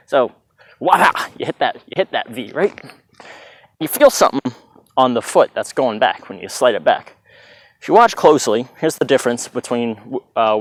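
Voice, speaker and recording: A man's voice: mid-range voice, dry recording. Chatty man teaching dance moves. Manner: chatty, loose, vocalizes beats with "bah". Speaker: dance instructor. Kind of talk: casual dance tutorial. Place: outdoors in hot weather. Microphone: plugged-in mic, sometimes stepping away.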